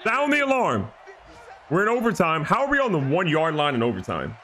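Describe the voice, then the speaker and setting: A man giving excited, joking gameplay commentary as a gaming YouTuber. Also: a little high, fairly quick, a little hiss or hum. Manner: animated, joking, trash-talking.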